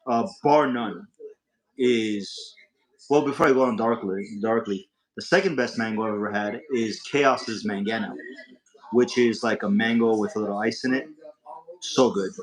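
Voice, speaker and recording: A man's voice: lowish voice, rough recording. A man hosting a casual livestream from a lounge, rambling with lots of fillers and restarts. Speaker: livestream host. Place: hookah lounge.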